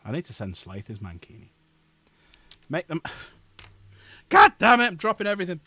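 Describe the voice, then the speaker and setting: A man's voice: sits high, wildly swooping pitch, moderate pace, bright, forceful tone, no room sound. A man hosting a casual live stream at his desk, joking, swearing and laughing often. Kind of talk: casual live-stream chat while building models.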